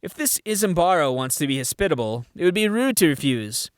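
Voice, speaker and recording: A man's voice: a little high, very animated, a little fast, no room sound, studio quality. A man voicing a crude, lecherous guardsman in a fan audiobook reading, speaking coarsely and with swagger. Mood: leering. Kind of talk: audiobook character voice.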